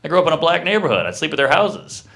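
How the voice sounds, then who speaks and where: A man doing a stand-up comedy set in a live club, delivering deadpan one-liners with quick asides to the crowd. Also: fairly high pitch.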